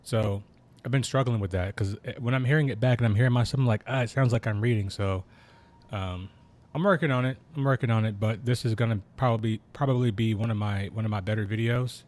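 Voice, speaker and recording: A man streaming a game, talking slowly and casually in a kept-down voice, with a lot of slang. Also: lowish voice, darkish tone. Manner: slow, laid-back talker; keeps voice down. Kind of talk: casual live-stream chat.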